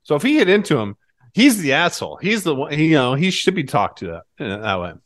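A man with a slightly higher voice tells a story in casual chat. He laughs as he goes and acts out the people in the story with lively, shifting voices. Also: fast. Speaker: podcast co-host.

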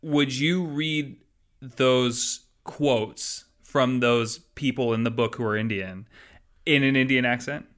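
A man's voice: medium pitch, slow pace, fairly bright tone. A man co-hosting a podcast in casual chat, rambling and joking with many fillers. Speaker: podcast co-host.

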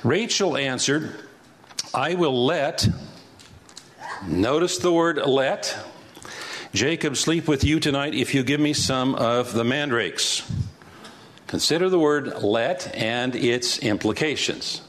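A man's voice: medium pitch, slow pace, fairly bright tone. A man pastor teaching a Bible passage verse by verse in a conversational way, asking rhetorical questions.

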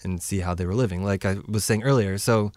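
A man's voice: on the low side, fast, darkish tone, no echo. A man from the United States casually recounting his travels, rambling with many fillers and acting out dialogue. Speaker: traveler sharing stories. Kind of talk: casual chat.

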